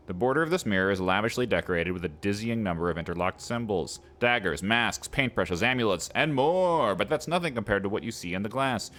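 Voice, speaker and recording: A man with a fairly low voice reads a game's text aloud at his desk mic, then drops into playful, chatty asides to viewers. Faint game music plays softly behind him. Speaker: let's play host.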